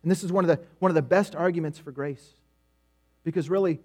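A middle-aged man delivers a sermon in a relaxed, story-driven way, often doubling back on his words. His voice sits notably high for a man. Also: fast talker. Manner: conversational storytelling preaching with repetitions. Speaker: preacher.

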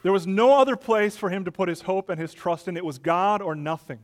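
A middle-aged man preaching a sermon as pastor, building to loud emphatic peaks and dropping soft. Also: high-pitched, a little fast.

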